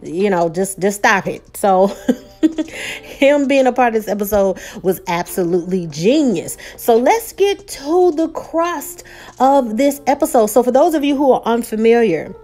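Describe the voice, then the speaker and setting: A woman hosting a TV episode recap, talking in a chatty, animated way with frequent asides. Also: on the high side, a little slow, faint music behind. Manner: chatty and animated, frequent "you know" and restarts. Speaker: show recap host. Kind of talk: casual recap commentary.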